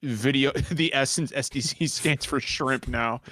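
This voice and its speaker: A man's voice: medium pitch, measured pace, sharp tone, no room sound. A man co-hosting a casual gaming podcast, exasperated and swearing, speaking to viewers. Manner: exasperated, swearing, talks to chat. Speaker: podcast co-host. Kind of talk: casual chat among friends.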